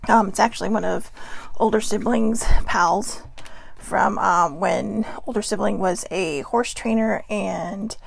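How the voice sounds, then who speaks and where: Woman, tired, casual morning ramble at home, chatty, self-deprecating, creaky, medium pitch. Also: steady tone, unhurried. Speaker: host of a daily live video show. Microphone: personal mic.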